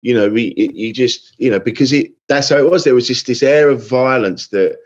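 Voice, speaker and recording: A man's voice: medium pitch, fairly quick, highs cut off. Man telling rambling anecdotes. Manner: rambling anecdotes, frequent restarts, swears. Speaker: guest comedian. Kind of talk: casual podcast chat.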